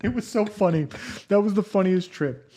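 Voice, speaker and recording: A man's voice: high-pitched, moderate pace, mellow. A man co-hosting a casual podcast, joking and rambling a little tipsily. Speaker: podcast co-host. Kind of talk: casual chat.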